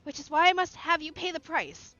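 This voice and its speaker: A woman's voice: very high voice, lively intonation, a little fast, bright, forceful tone, dull audio, soft background music, pitched above the performer's own voice, heavily acted. A woman voicing an earnest, righteous young woman knight who declaims with passion. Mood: impassioned. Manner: impassioned, declaiming.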